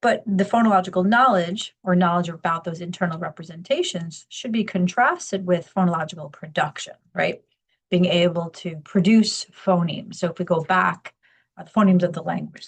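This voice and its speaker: A woman's voice: fairly low pitch, slightly rough. A woman giving a recorded lecture over slides, explaining step by step and often checking in with "okay?" and "right?". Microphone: screen recording on a computer mic.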